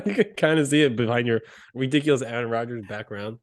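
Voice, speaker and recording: A man co-hosting a casual chat, excitable and quick to laugh, swearing freely. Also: medium pitch. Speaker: co-host.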